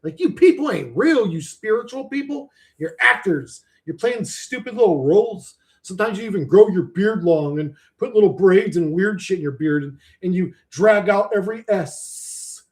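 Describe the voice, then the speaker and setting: A man's voice: high-pitched, expressive, normal speed, hardly any pauses. A man ranting on a livestream in a casual, rambling, sardonic way, swearing freely.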